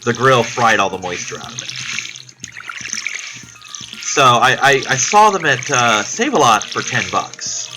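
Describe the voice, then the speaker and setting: A man's voice: medium pitch, lively intonation, measured pace, pauses often, music in the background, poor audio. A man vlogging in a casual, rambling way, chatty and profane, telling a story about his week. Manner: profane, chatty, self-deprecating.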